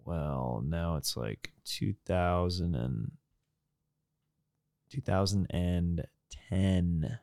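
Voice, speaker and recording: A man's voice: low-pitched, extremely slow, vocal fry, pauses often, a little mellow, no room sound, clean studio sound. A man who is a comedian, chatting as a podcast guest in an easygoing way and laughing often. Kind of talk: casual podcast chat.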